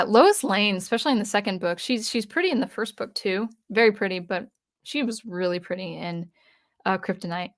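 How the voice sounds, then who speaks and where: Woman host, mid-pitched, casual livestream chat, reads out viewer comments, talks loosely with small restarts.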